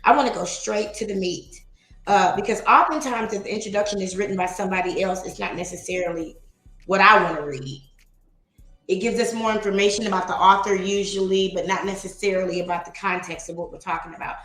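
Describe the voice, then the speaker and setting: Woman host, casual livestream reader, chatty and quick to laugh, roomy echo on the voice. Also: mid-range voice, a bit bright, faint music behind. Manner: chatty, laughs often, reads poetry slowly. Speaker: livestream host reading aloud. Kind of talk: casual livestream reading and chat.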